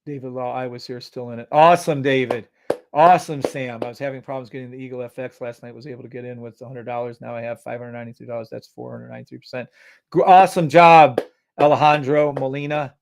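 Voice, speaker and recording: Hosting a live trading stream, a man is loud and hyped, swearing freely and swinging from shouts down to mutters. His creaky, medium-pitched voice has fairly even intonation and a quick pace, with a little hiss or hum in the recording.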